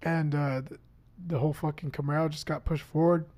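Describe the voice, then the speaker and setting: A man, a guest on a podcast, tells a story in casual chat. He talks in an animated way and swears often. He acts out what each person said. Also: a little high, fairly quick.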